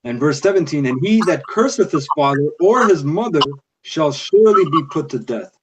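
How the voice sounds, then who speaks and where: A man's voice: fairly high pitch, animated, normal speed. Man, discussion participant, slangy and casual, reads scripture aloud; noisy recording.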